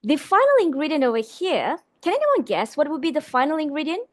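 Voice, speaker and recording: Malaysian woman, trainer, webinar lesson, high voice, very animated, dry close sound. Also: dry recording. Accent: Malaysian English. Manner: varies loudness and slows down for emphasis. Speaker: trainer running an online class. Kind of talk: live webinar lesson on vocal delivery.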